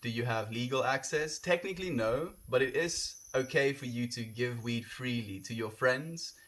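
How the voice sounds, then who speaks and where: A young man, raised speaking Afrikaans, chats loosely with his live-stream audience. His voice sits at an ordinary middle pitch, and he gushes with thanks between comments. He is outdoors, talking casually and sincerely. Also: moderate pace, a bit bright, slight background noise. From South Africa. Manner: gushing, heartfelt, reads chat comments aloud. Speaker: livestreamer. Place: outdoors, windy.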